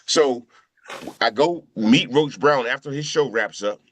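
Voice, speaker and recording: A man's voice: mid-range voice, a little slow, a little hiss or hum. A middle-aged man telling a loose, profane story among friends, repeating his phrases as he goes. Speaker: show crew member telling a memorial story.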